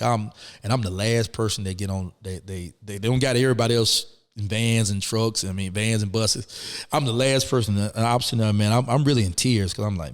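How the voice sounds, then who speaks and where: A middle-aged man, a guest telling his story in an animated, emphatic way, full of "man" and "you know what I'm saying". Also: lowish voice, in a large hall. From Atlanta, Georgia. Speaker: interview guest. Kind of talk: conversational storytelling.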